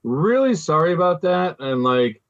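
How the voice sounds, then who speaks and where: A man co-hosting a casual live podcast over a video call, talking in a relaxed, apologetic way. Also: fairly high pitch, measured pace, lo-fi sound. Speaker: podcast co-host.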